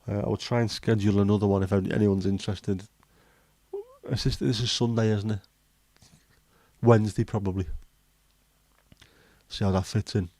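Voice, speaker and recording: Low, mellow man. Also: level tone, moderate pace, long pauses, no echo. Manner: chatty, joking, reading out viewer comments. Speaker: livestream host. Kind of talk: casual livestream chat.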